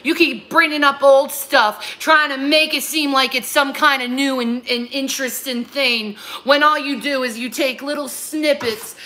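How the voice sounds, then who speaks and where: Furious woman streamer, high animated voice, bright and sharp, swearing and repeating herself. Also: measured pace, few pauses. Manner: profane, confrontational, repetitive. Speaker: livestreamer. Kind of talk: angry livestream rant.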